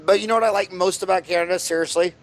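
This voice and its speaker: Man, podcast host, slightly high voice, casual, rambling, jokey. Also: fairly even intonation, rapid-fire. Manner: rambling, jokey storyteller with many fillers. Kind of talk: casual interview chat.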